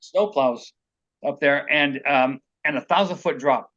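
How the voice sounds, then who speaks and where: A man's voice: a little high, unhurried, a bit bright, lo-fi sound. A man being interviewed as an author, telling personal stories in a rambling, earnest way and acting out what people said. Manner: rambling, earnest, acts out quotes.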